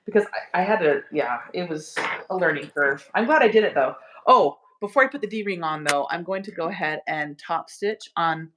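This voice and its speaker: A woman chatting while she sews, explaining her steps with excited giggles. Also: fairly low pitch, normal speed, few pauses, echoey room, background noise. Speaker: guest sewing along.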